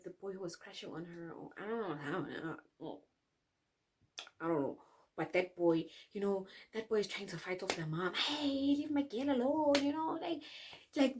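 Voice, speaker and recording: A young South African woman telling a dramatic personal story for her vlog, lively and dropping to whispers at the tense parts. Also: medium pitch, husky. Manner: animated, dramatic, drops to whispers for suspense. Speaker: YouTuber.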